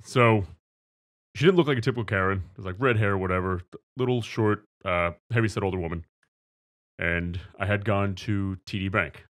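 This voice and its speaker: A man's voice: on the low side, moderate pace, fairly bright tone. A man co-hosting a studio podcast, telling a story casually, acting out voices and swearing freely. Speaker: podcast co-host. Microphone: studio mic.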